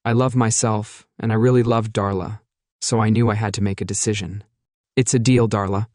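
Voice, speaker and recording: A man narrating a first-person relationship story in a steady, even delivery. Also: on the low side, a little fast, no echo, clean studio sound.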